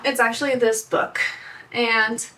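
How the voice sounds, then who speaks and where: A young woman vlogging casually as she counts bills aloud, chatty and quick to correct herself. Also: fairly high pitch, little pitch movement, bright, forceful tone. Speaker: budgeting vlogger. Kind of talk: casual talk while cash stuffing. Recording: voice from a distance, faint background noise.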